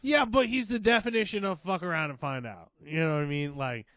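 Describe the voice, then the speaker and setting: A man co-hosting a podcast in casual chat, talking in a hesitant, halting way with many restarts. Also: fairly high pitch, fairly bright tone, no echo. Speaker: podcast co-host.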